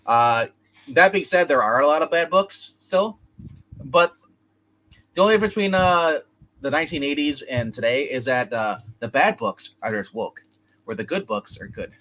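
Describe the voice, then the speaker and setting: Male streamer, rambling and opinionated, lively swooping delivery, bright edge. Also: medium pitch, normal speed. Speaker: comic book livestream co-host. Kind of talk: casual live-stream chat.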